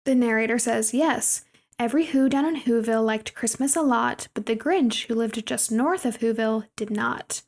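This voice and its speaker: Woman podcast cohost recapping a movie, bit high, lots of vocal fry. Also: moderate pace. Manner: chatty, retells scenes and quotes lines. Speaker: podcast co-host.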